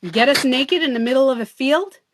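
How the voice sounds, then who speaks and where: A woman's voice: high-pitched, brisk, a little hiss or hum. A woman hosting a casual livestream, talking at length in a rambling, emphatic way and swearing now and then. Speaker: livestream host.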